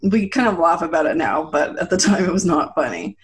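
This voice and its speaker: A woman in her thirties, telling a personal story in a casual chat, animated and laughing often as she acts out quotes. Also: lowish voice, brisk. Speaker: guest.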